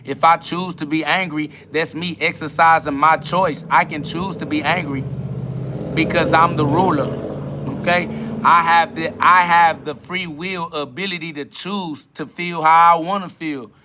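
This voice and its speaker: A man's voice: on the high side, steady tone, measured pace, noisy background. A man hosting a livestream, answering chat comments in a combative, dismissive way and swearing a lot. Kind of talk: profane spiritual livestream rant.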